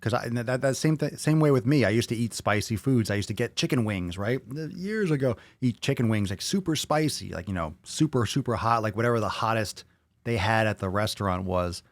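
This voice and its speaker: A man's voice: fairly low pitch, expressive, a little fast, dry recording. A man hosting a podcast, reading viewer comments aloud and reacting to them bluntly, with a lot of swearing. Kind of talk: casual chat.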